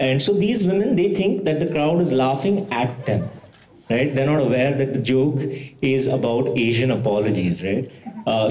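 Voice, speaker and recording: A man's voice: mid-range voice, a little mellow. Male stand-up, conversational storyteller, echoey small-room stage mic. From India. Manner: conversational storytelling, frequent "right?" checks. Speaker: stand-up comedian. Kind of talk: stand-up set. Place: small comedy venue stage. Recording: roomy echoey stage sound.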